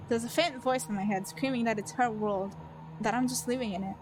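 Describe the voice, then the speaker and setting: Woman streamer reading a game out loud, kinda high voice, swears a lot, jokey asides. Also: steady tone, brisk, over music. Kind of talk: reading a story game aloud with live reactions.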